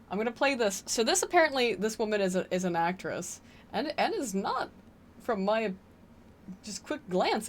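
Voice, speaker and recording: A woman's voice: mid-range voice, a little hiss or hum. A woman hosting a casual live-stream Q&A, rambling with laughing asides. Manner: rambling, frequent fillers and restarts, laughing asides.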